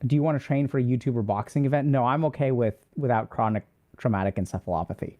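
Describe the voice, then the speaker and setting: A man's voice: medium pitch, quick pace, hardly any pauses, mellow, muffled recording. A man hosting a casual livestream, reading out and answering chat questions in a loose, rambling way.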